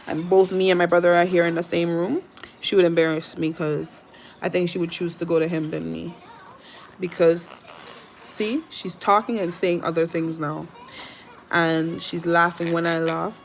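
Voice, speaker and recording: A woman's voice: lowish voice, flat delivery, normal speed, creaky, a little hiss or hum. A young woman, chatting casually and rambling to camera at home about her pet parrot.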